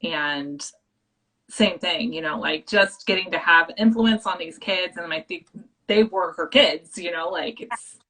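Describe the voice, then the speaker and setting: Woman, lowish pitch, bright tone, chatty and supportive, casual. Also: a little slow, low-quality recording. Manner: supportive, chatty, filler-heavy. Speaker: book club host. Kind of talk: casual video chat.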